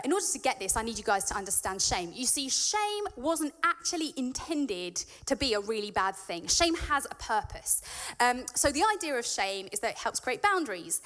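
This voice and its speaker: A woman preaches a sermon in church, reading from the Bible and then explaining it earnestly and conversationally, building to emphatic peaks. Her voice sits on the high side with a fairly bright tone.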